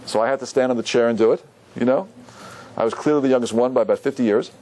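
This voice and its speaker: A rabbi giving a lively Torah class to an audience, often asking them questions. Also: male voice, mid-range voice, fast talker, a little hiss or hum. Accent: Ashkenazi Hebrew pronunciation.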